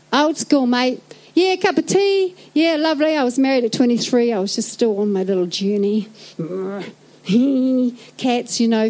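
A middle-aged woman with a New Zealand accent preaching a sermon in a lively, joking way, acting out little scenes. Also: on the high side, rough recording. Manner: animated, jokey, acts out little scenes.

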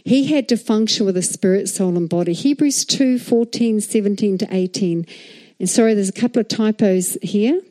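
A middle-aged woman from New Zealand, speaking with her home accent, preaches with a lively, call-and-response rhythm. Her voice is mellow and warm, and sits in an ordinary pitch for a woman. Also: normal speed. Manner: animated, asks the crowd for replies. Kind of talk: sermon.

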